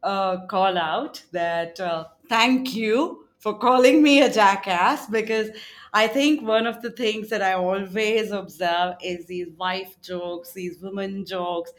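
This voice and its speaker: A woman's voice: mid-range voice, slow. A middle-aged woman hosting a podcast, talking earnestly with hesitant restarts. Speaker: podcast host. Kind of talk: podcast interview conversation.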